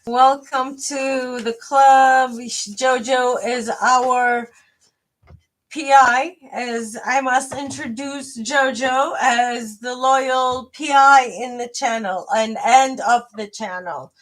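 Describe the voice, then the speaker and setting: A woman doing a live tarot reading, her voice sitting a little high. She talks slowly, drifting and restarting with lots of fillers, chatty with her viewers. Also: fairly even intonation, a bit bright. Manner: hesitant, rambling, many fillers and restarts. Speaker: tarot reader.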